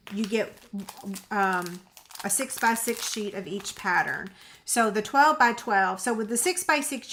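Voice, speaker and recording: Slow-talking woman crafter host. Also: fairly high pitch, fairly bright tone. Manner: chatty, addresses viewers by name. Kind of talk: casual livestream chat.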